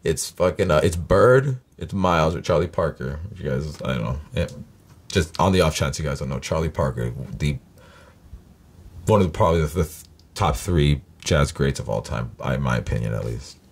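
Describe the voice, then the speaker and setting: A man's voice: a bass voice, expressive, moderate pace, breathy edge. A man hosting a reaction video, talking in a rambling, profane way with lots of fillers and "you know what I mean". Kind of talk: rambling casual monologue.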